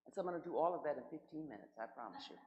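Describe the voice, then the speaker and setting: Low-voiced woman minister, lively preaching. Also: very fast, dull audio, slight background noise. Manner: warm conversational preaching with rhetorical questions. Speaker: guest minister. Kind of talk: sermon.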